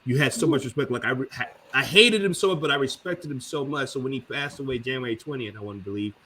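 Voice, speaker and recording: A man's voice: mid-range voice, quick pace, pushed and bright, a little hiss or hum. A man in his thirties hosting a casual panel talk, telling an emotional story with lots of swearing. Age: 30s. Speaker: panel show host.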